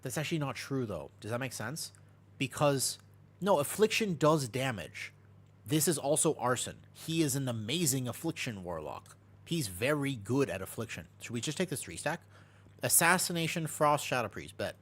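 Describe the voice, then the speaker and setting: Chatty man streaming a game, lively pitch. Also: moderate pace, slightly rough. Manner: chatty, jumps between topics, answers chat, laughs often. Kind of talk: casual live-stream commentary while gaming.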